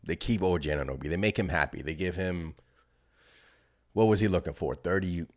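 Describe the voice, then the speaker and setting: Male fan-channel host, very low voice, excitable and rambling, live reaction stream. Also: a little fast. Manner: excited, rambling, thinks aloud.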